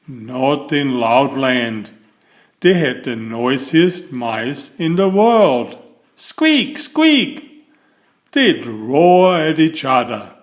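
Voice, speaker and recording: A man reads a children's picture book aloud at a very slow, deliberate pace. His voice swoops up and down with lively expression as he draws the young listener in playfully. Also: mid-range voice. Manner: animated, drawn-out, playful to children. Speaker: storybook reader.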